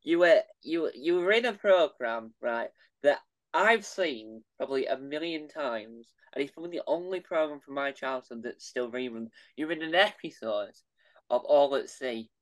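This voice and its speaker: A male interviewer asks his questions casually, with the eager enthusiasm of a fan. His voice sits at a middle pitch for a man and sounds dry and close, with no room echo. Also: expressive, moderate pace.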